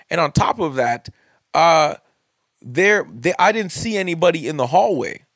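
A man's voice: mid-range voice, dry recording, studio quality. A man, a comedian hosting his own podcast, telling a story as a profane, heated rant whose voice climbs when he gets worked up. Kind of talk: profane ranting monologue.

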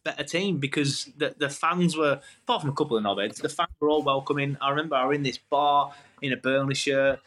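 A man, a podcast guest telling rambling, animated stories in casual chat. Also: mid-range voice, brisk, few pauses. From England. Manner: animated, rambling, self-interrupting.

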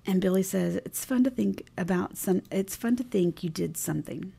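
A woman co-hosting a podcast, casually recounting a TV episode scene by scene and quoting the characters' lines softly. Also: mid-range voice, normal speed, gravelly, husky. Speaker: podcast co-host. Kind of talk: casual recap chat.

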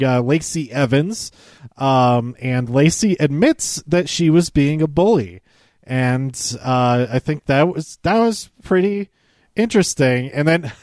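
A man's voice: on the high side, no room sound, studio quality. A man casually recapping a wrestling show. He rambles, with lots of fillers and small laughs.

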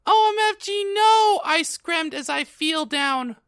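A woman's voice: extremely high pitch, slow pace, fairly bright tone, full character voice. A woman reading a gushing teenage goth girl's lines in a comedic dramatic reading, breathless and mock-girlish. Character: gushing teen goth girl narrator Ebony.

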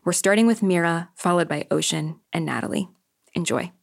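A woman's voice: fairly low pitch, lively intonation, a little fast, vocal fry, no echo, clean studio sound. A woman hosting a podcast, giving a reflective, grateful introduction to an episode. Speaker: podcast host.

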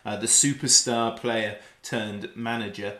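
A man's voice: on the low side, fairly even intonation, measured pace, sharp tone. Male podcast host, prepared questions and read links, roomy sound. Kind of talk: podcast interview.

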